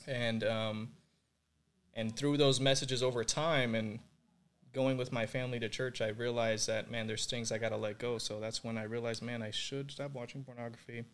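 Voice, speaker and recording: A man's voice: mid-range voice, steady tone, moderate pace, fairly bright tone, clear, resonant tone. A young man raised in Puerto Rico, a podcast guest earnestly recounting his faith journey, with many "like"s and "you know"s. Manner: earnest and reflective, heavy use of "like" and "you know". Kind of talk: candid interview conversation.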